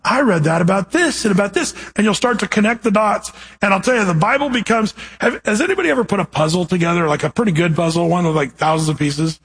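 A man preaching to his congregation in a high, husky voice. He reads scripture slowly and with weight, then breaks into direct, animated questions to the people in front of him. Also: low-quality recording. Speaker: pastor. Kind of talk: verse-by-verse sermon.

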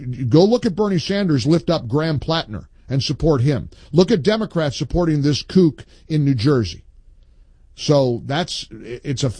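A man hosting a call-in talk radio show, reading listener posts aloud with emphatic pauses and chatting with callers. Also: mid-range voice, a little mellow, dry recording.

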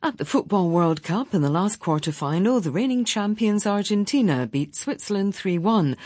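A female newsreader reading a bulletin in a crisp, formal manner. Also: mid-range voice, lively intonation, normal speed, darkish tone, dry recording.

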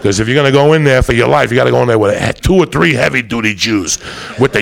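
A man's voice: medium pitch, fast talker, creaky, a bit bright. A man telling a long story in casual chat, rowdy and profane, full of asides to the listener. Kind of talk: casual chat, crime anecdote.

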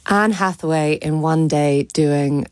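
A woman critic speaks candidly in a radio studio discussion, her voice low and plain. She mixes fillers into her sharp opinions, and the sound is dry and close. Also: slow pace, dry recording. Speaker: critic and cultural commentator. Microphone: dry studio mic.

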